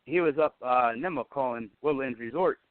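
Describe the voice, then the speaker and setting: A man speaks in a smooth, clear voice, hesitant and agreeable, pausing on fillers. The sound is dry and narrow, like a phone line. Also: mid-range voice, dry recording. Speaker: podcast co-host. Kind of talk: casual radio talk.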